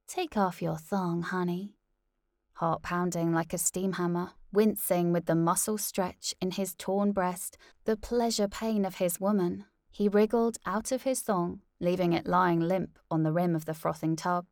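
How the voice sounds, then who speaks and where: A woman narrating a novel aloud in a measured, deliberate way. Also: on the low side, fairly even intonation, darkish tone, dry recording, studio quality.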